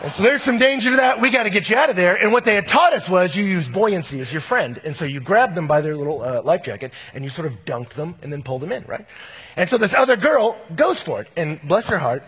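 A middle-aged male pastor preaching a sermon, telling a personal story with animated, acted-out voices in a church sanctuary. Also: high voice, quick pace, in a large hall, slight background noise.

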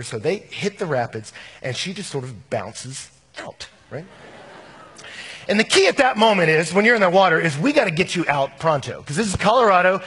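Male pastor, middle-aged, high lively voice, husky edge, animated storytelling, long hall reverb. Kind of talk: sermon with a personal story.

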